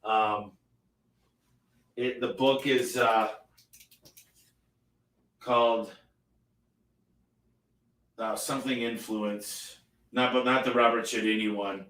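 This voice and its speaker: A man's voice: mid-range voice, steady tone, takes it slowly, long pauses, fairly bright tone. A man hosting a casual live question-and-answer stream, talking loosely and reading lists aloud.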